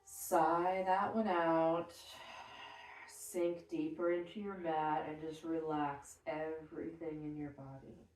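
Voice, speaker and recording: A woman guiding a yoga class with slow, soothing breath cues. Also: sits low, flat delivery, a little mellow, recorded from a distance. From Texas. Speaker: yoga teacher. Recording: roomy sound from off the mic.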